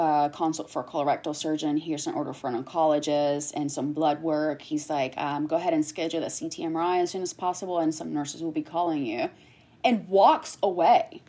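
Husky-voiced woman telling a story. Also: fairly low pitch. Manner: animated, acts out other people's lines in quick bursts. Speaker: guest sharing a personal story. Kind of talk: conversational storytelling.

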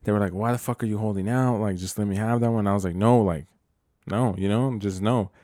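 A man's voice: lowish voice, steady tone, fairly quick, warm tone, dry recording, clean studio sound. A young man telling loose, profane stories with slang and laughter in casual chat. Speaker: storyteller in a casual podcast chat.

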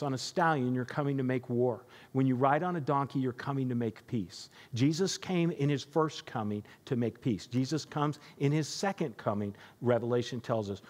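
A pastor giving a sermon in an emphatic, conversational preaching manner. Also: male voice, mid-range voice, big-room sound.

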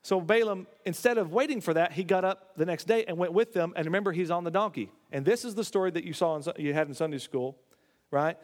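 A male pastor with a fairly high voice delivers a sermon, retelling the story through lively, acted-out character voices. He talks fast, often stumbling and restarting his phrases, and a long reverb makes it sound like a big hall.

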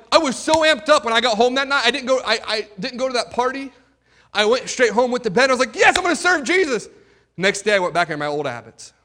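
A young man preaches his own testimony to a room of listeners. His voice sits a little high and comes out bright and forceful. He tells the story with drama, sinking to a hush and then rising loud, and throws questions straight at the crowd. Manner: dramatic storytelling, swinging between hushed and loud. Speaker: youth speaker giving his testimony. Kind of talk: testimony sermon to a live audience.

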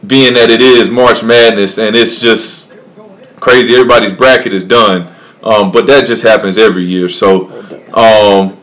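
A man's voice: fairly low pitch, steady tone, normal speed, fairly bright tone, rough recording. Casual male co-host, rambling, laughs easily. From Charlotte, North Carolina. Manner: rambling, laughs often, restarts. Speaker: podcast co-host. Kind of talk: casual chat.

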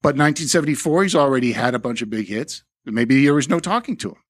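A man's voice: medium pitch, expressive, quick pace, no echo, clean studio sound. A man co-hosting a podcast, chatting casually about music in a rambling, profane way, full of fillers and restarts. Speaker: podcast co-host.

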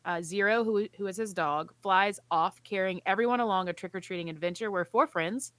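Bright-voiced chatty woman co-host. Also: mid-range voice, a little fast, no room sound. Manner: chatty, reads news aloud with playful asides. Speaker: podcast co-host. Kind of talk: casual chat reading park news.

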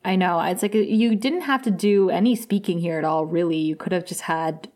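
A woman's voice: on the low side, normal speed, darkish tone. A woman co-hosting a podcast, recapping an episode in casual chat, loose and chatty with frequent fillers. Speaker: podcast co-host.

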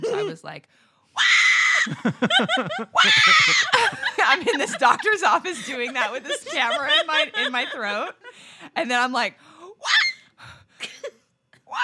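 A woman co-hosting a podcast, telling a story in casual chat, animated and laughing often, swearing and acting out what people said. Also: fairly high pitch, slight background noise. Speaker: podcast co-host.

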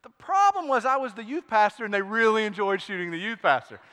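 Man pastor, sermon, bright tense tone, high voice, long hall reverb. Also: fast talker, clean tone. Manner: storytelling, animated, acts out quotes. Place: church sanctuary.

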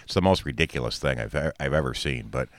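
A man's voice: rumbling low, fast, dry recording. A man co-hosting a casual chat show, a father who talks in a sarcastic, exasperated way and repeats himself. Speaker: co-host. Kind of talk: casual radio-style chat.

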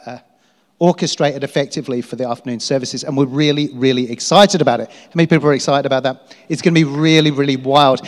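Enthusiastic male church leader on announcements, slightly high, reverberant hall. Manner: upbeat, enthusiastic, asks the crowd questions.

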